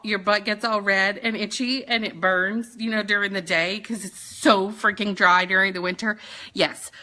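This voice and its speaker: A woman, chatting casually through a product rundown with quick jokes and asides. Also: medium pitch, pushed and bright. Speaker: sales consultant presenting products.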